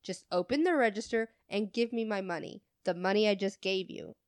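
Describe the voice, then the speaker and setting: A woman voicing a rude, demanding female customer who insists loudly and angrily. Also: mid-range voice, normal speed, clean tone, no echo, close to an everyday voice.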